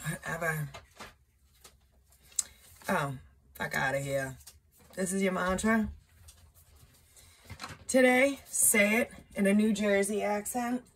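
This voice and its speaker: A woman's voice: mid-range voice, slow, long pauses, fairly bright tone, a little hiss or hum. A woman giving a casual tarot reading, chatty and loose, with profane asides. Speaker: tarot reader.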